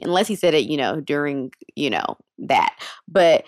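Young female podcast host; blunt, casual, curses freely, low-set voice, dry booth sound. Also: expressive, normal speed, no echo. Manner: frank and slangy, curses casually. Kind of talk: casual advice podcast talk.

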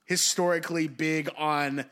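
A man's voice: fairly high pitch, fairly even intonation, a little slow, a bit bright. A young man co-hosting a casual film podcast, enthusiastic and swearing freely as he ranks his favorite movies. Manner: enthusiastic, swears freely, draws out key phrases. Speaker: podcast co-host.

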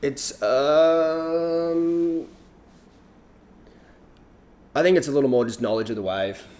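A man chatting casually about competition surfing, relaxed and rambling, with frequent restarts. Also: fairly high pitch, takes it slowly. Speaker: surf analyst guest. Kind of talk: casual podcast chat.

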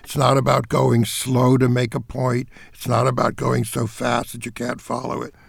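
An older man, a theater director, giving interview answers in an emphatic, animated way. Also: mid-range voice, normal speed, gravelly, slightly rough, no room sound, clean studio sound.

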